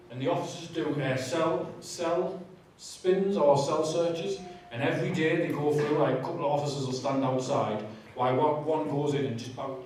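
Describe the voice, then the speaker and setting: A man sharing his testimony in a church, with animated, self-mocking storytelling and asides to the audience. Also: mid-range voice, slight background noise. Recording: echoey church hall, distant mic.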